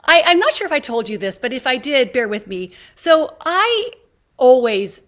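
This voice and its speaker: A woman's voice: sits high, normal speed. A woman in her fifties hosting a podcast, telling an anecdote animatedly and acting out the other people in it. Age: 50s. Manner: animated storyteller acting out quoted dialogue. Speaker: podcast host. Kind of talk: casual conversation, storytelling.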